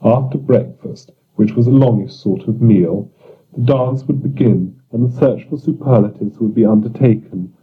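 A man narrating surreal fiction in a measured, deliberate audiobook reading. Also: mid-range voice. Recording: dull lo-fi recording.

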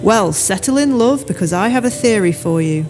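A woman's voice: mid-range voice, lively intonation, normal speed, music in the background, lightly acted. A woman voicing a brash storyteller. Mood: storytelling. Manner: blunt, swearing, teasing. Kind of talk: audiobook character voice.

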